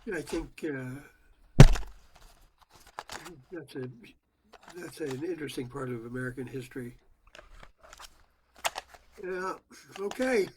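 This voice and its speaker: A man's voice: mid-range voice, takes it slowly, pauses often, very noisy. A man hosting an online music gathering, thanking performers and calling the next one up. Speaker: host. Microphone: video call.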